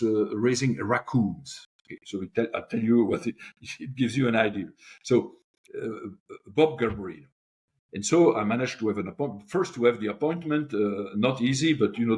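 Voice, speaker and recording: An older man, a podcast guest telling animated stories with many restarts. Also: medium pitch. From Europe. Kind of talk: anecdotal storytelling.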